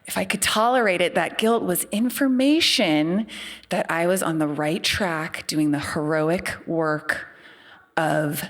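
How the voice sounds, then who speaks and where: A woman's voice: lowish voice, slow pace. A middle-aged woman, a psychiatrist, telling a personal story live on stage in a candid, self-deprecating, conversational way. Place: theater stage before a live audience.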